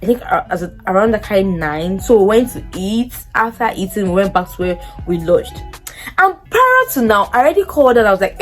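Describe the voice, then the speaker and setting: A young woman with a Nigerian English accent telling a personal story to her vlog audience, lively and acting out what people said. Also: brisk, faint music behind. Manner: animated, acts out quoted dialogue in a much higher voice. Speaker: vlogger. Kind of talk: casual storytelling.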